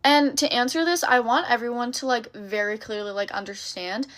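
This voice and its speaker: Casting: young woman, bright chatty storytime vlogger, slightly high voice, faint background noise. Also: moderate pace. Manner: chatty, upbeat, lots of fillers. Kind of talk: get-ready-with-me storytime chat.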